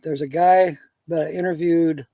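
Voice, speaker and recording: Rambling live stream host with a mellow voice. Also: male voice, fairly high pitch, steady tone, moderate pace, dry recording. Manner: rambling, chuckles at his own jokes. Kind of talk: casual chat and joke-telling.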